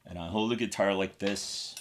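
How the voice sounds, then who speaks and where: A man's voice: low-pitched, fairly even intonation, normal speed, slight background noise. Casual American man explaining guitar setup. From United States. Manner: chatty and informal, explaining step by step while working on a guitar. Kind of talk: casual tutorial demonstration.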